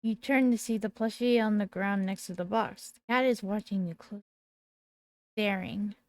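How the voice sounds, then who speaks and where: A woman in her twenties reading a text game aloud while she plays, with small slips and quick self-corrections. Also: medium pitch, steady tone, a little mellow, dry recording. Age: 20s. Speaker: gaming video creator.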